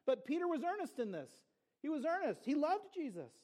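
A man's voice: very high voice, very animated, fairly quick, a little mellow. A man preaching a sermon as pastor, earnest and conversational, with playful asides to the congregation.

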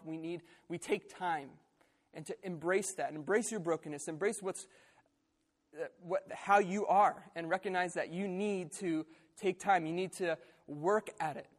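Earnest high-voiced male preacher. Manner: earnest, conversational. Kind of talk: sermon.

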